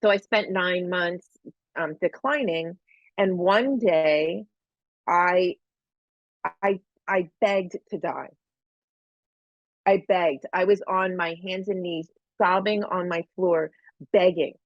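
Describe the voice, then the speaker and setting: Earnest woman with a lowish voice. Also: takes it slowly, no room sound. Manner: earnest, repeats phrases for emphasis. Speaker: podcast guest. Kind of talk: personal storytelling in a conversation. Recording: dull, lo-fi, dry sound.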